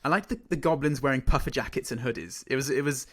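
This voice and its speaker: A man's voice: medium pitch, quick pace, fairly bright tone, husky. A man co-hosting a casual film review chat, dry and sardonic, laughing often at his own lines. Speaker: podcast co-host.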